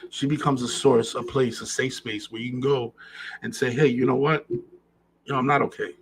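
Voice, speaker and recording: A man's voice: medium pitch, steady tone, moderate pace, a little hiss or hum, rough recording. A man hosting a podcast, talking earnestly in a casual monologue and repeating phrases for emphasis. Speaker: podcast host.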